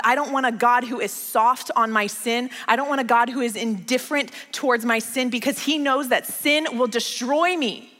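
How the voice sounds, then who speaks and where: Woman pastor, bright and slightly high, storytelling sermon with emphatic repeats, long hall reverb. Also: moderate pace, hardly any pauses. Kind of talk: conversational sermon.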